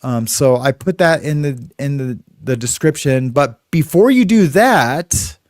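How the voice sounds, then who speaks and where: A man's voice: mid-range voice, lively intonation, a little slow, a little mellow, no room sound, clean studio sound. A middle-aged man from California, hosting and telling a story in a casual, rambling way. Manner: rambling, conversational, many fillers. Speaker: host.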